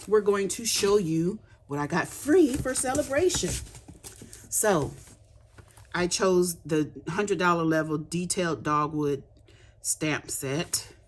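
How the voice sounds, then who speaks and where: A woman's voice: fairly low pitch, slow pace, a little hiss or hum. A woman demonstrating craft supplies in a casual unboxing chat, chatty and gushing with delight. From United States.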